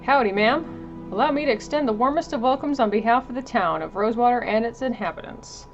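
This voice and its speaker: A woman's voice: fairly high pitch, a little fast, highs cut off, soft background music, close to an everyday voice. A woman voicing a folksy, overly courteous frontier town greeter who speaks with genteel, flowery politeness.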